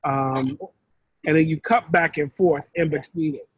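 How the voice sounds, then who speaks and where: Man, casual mentor, rambling and self-correcting, dry close sound, a bit high-pitched. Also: steady tone, unhurried, slightly rough, no room sound, rough recording. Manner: rambling, conversational, with frequent restarts.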